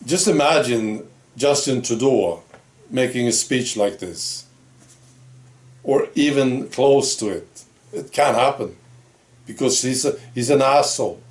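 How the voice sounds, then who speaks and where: A man hosting his own opinion vlog, talking in a blunt, sarcastic, plain-spoken way. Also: mid-range voice. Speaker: channel host.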